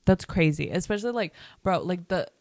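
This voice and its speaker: A woman's voice: lowish voice, fairly quick, darkish tone, no room sound, studio quality. A young woman vlogger chatting casually about a TV series, emphatic and full of "like" and swearing. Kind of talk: casual reaction chat.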